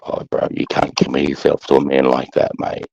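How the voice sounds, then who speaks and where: A man's voice: very deep voice, monotone, a little fast, creaky, a little mellow, dry recording. A man hosting a casual podcast chat, telling rambling stories with lots of swearing. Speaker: podcast host. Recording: dull dry sound.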